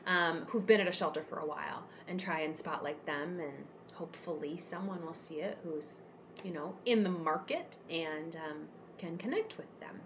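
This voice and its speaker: A woman telling a personal story as a guest in a casual conversation, emotional and expressive with frequent fillers. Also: lowish voice, a little hiss or hum. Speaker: podcast guest, cat rescuer.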